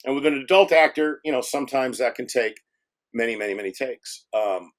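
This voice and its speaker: An older man, a film director, telling stories casually in an interview, rambling, with many fillers and restarts, getting animated at the funny parts. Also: medium pitch, brisk.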